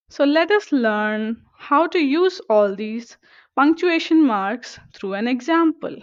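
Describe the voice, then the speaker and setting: A woman teaching a scripted grammar lesson, speaking slowly and carefully. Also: high voice, animated, no echo. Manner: slow, careful and deliberate. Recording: dull, lo-fi recording.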